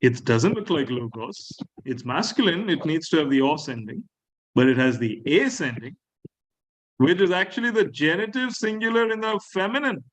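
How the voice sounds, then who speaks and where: A man lecturing a class on Greek grammar, slowly repeating key words and asking his students questions. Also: a little high, animated, rough recording. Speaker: Greek teacher.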